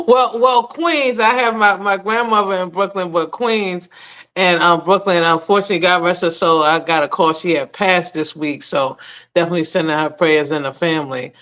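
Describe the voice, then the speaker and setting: A woman's voice: lowish voice, steady tone, normal speed, fairly bright tone. Guest, woman, chatty and enthusiastic, muffled recording. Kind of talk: casual interview chat. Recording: dull lo-fi sound.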